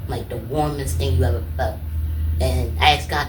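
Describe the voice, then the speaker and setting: An animated man tells his story in a casual interview and acts out the people he quotes. He speaks from some distance, and the room echoes around him. A faint ambience sits underneath. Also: medium pitch, moderate pace, background noise. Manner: animated, repeats "you know what I'm saying", acts out quotes. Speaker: guest, comedian and artist.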